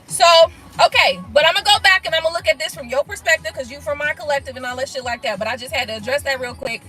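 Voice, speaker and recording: A woman hosting a casual tarot live stream, reading viewer comments and talking bluntly with lots of swearing and quick laughs. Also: high voice, soft background music, rough recording. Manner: blunt, profane, animated, laughs things off.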